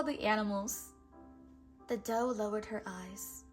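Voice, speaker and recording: Slow, expressive woman reading a storybook aloud. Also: mid-range voice, faint music behind. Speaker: storybook reader, channel host. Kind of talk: children's read-aloud.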